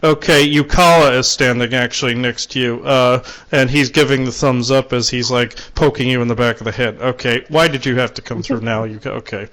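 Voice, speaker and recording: A man hosting a spiritual call-in show, relaying messages in a halting way with many restarts. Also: medium pitch, fairly even intonation, fairly bright tone. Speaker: call-in show host and channeler.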